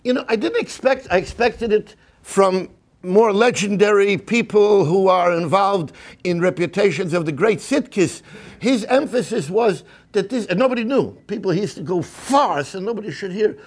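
A man's voice: high-pitched, lively intonation, moderate pace. A man giving an impassioned sermon-style lecture at a community program, often stammering and restarting, with many Hebrew and Yiddish terms.

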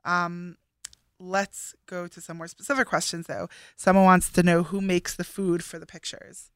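A woman's voice: lowish voice, little pitch movement, moderate pace, clean tone, no room sound. A woman co-hosting a casual chat, steering the talk with friendly questions. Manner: friendly, guiding the conversation with questions. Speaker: co-host.

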